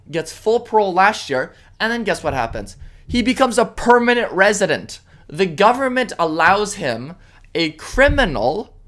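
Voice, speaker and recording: Sarcastic, indignant man ranting solo. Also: high voice. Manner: swings between loud outbursts and muttered asides. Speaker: podcast host. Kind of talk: solo opinion rant.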